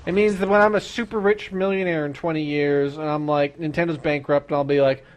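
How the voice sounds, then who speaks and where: A young man with a high-pitched voice rants through a gaming stream. He talks in an excitable, profane rush and keeps building himself up. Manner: profane, excitable, fast rant. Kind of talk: ranting gaming stream chat.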